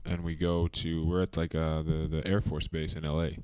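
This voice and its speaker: A man's voice: rumbling low, little pitch movement, moderate pace, darkish tone, smooth, no echo. A young man, a basketball player guest, telling stories in a laid-back podcast chat full of fillers.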